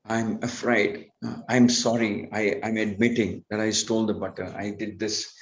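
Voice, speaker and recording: A man's voice: lowish voice, level tone, moderate pace, echoey room, lo-fi sound, lightly acted. Brief: timid, frightened small boy pleading with his mother, voiced by a man.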